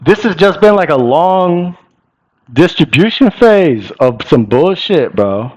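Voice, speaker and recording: A man's voice: fairly high pitch, slow, lo-fi sound. A young man hosting his own channel, giving blunt, profane, slang-heavy market commentary straight to his viewers. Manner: profane, blunt and animated, slangy with "bro" and "y'all". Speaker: crypto channel host.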